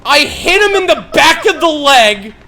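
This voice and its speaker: A man telling a story on a live stream, rambling with many fillers and swearing freely, building to loud, animated bursts. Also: very high-pitched, unhurried.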